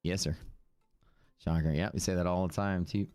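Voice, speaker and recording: Deep texan guy rambling on his trading stream, dry close mic, bit of music under it. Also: fairly even intonation, moderate pace, a little mellow, clear, resonant tone, dry recording. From Texas. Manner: rambling, chatty, reads viewer comments aloud. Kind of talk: casual live-stream chat.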